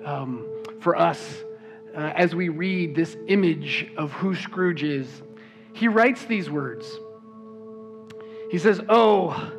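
A man's voice: on the high side, slow pace. A man preaching a sermon as pastor, emphatic and repeating words when he stresses a point. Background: soft worship music.

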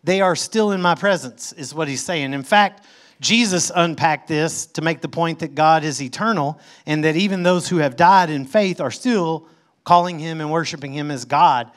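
Male pastor, slightly higher-pitched voice, conversational teaching sermon with emphatic stresses. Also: normal speed. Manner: conversational teaching, reads scripture aloud and explains it; emphatic swings in pitch and loudness.

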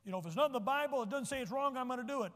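A man, preaching a sermon as pastor, folksy, joking asides and repeating his points slowly. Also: very high voice, expressive, a bit bright. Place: church sanctuary. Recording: long church reverb.

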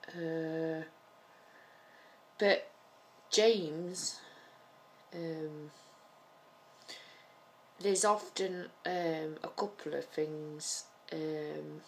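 Nottingham woman vlogger, slow hesitant chat, lowish voice, faint hiss behind. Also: steady tone. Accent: Nottingham English. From Nottingham, England. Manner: rambling, hesitant with many ums. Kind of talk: casual to-camera chat.

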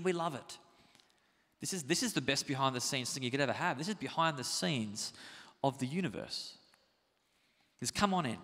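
A man with an Australian accent preaching a sermon as pastor, animated and chatty, full of quick asides. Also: fairly high pitch, big-room sound. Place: church hall.

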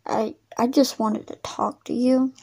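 A woman voicing characters in a toy animal roleplay video, soft-spoken and halting, often repeating words. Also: a little high, steady tone, gravelly, husky.

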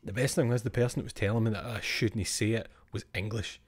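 A man's voice: lowish voice, fairly even intonation, fast, hardly any pauses, slightly rough. A Scottish man streaming, chatting casually with his viewers, blunt and freely swearing with chuckling asides. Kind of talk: casual chat with live chat.

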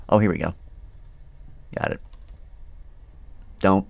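A gaming video host with a low-pitched, gravelly yet clear and resonant voice plays a horror game at a moderate pace, pausing often. Alone with his thoughts, he talks to himself, jumps, swears and laughs nervously. No room sound is audible.

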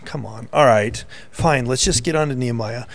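Playful gravelly man hosting a quiz. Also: mid-range voice, normal speed. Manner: playful, teasing, reads headlines aloud. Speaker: podcast co-host. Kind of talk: casual chat, quiz game.

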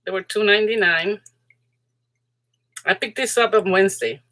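A middle-aged woman hosting a live crafting stream, chatting casually and excitedly with her viewers, laughing often, her voice rising high when she gets excited. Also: normal speed, slight background noise. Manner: excitable, giggly, chatty, talks to viewers in chat. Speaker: crafting channel host.

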